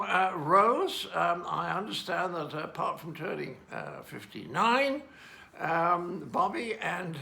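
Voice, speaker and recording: A gravelly older Englishman in his eighties speaks with a wry, playful touch. His voice is fairly high and bright, and it swoops around a lot as he tosses off affectionate mock insults in a personal birthday message. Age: 80s. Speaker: celebrity sending a birthday message. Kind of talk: recorded personal video message.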